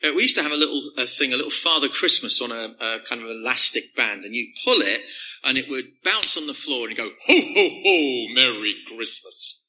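Bright-voiced man preaching a sermon. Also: medium pitch, quick pace, low-quality recording. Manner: conversational, animated, drops to soft emphasis on key phrases.

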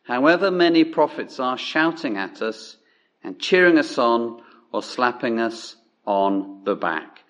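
Slow, deliberate male preacher. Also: animated, fairly bright tone. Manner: measured, emphatic, drops low on key words. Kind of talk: sermon.

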